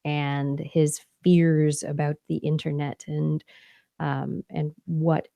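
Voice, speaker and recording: A woman in her thirties co-hosting a podcast, chatting casually with many fillers and pauses. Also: low-pitched, level tone, gravelly, dark tone, dry recording. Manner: halting, many fillers, playful with silly voices. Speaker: podcast co-host. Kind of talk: casual chat.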